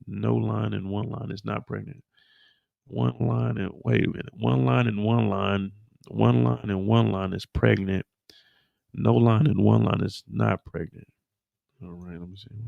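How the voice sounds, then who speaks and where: A man hosting a live after-show, recapping an episode in a profane, animated storytelling way. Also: fairly low pitch, vocal fry, no room sound, dull audio. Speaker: show host.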